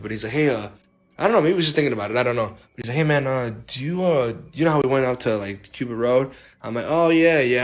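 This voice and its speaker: Man telling a casual ghost story. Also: mid-range voice. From Illinois. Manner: animated, acts out friends' quotes, swears freely.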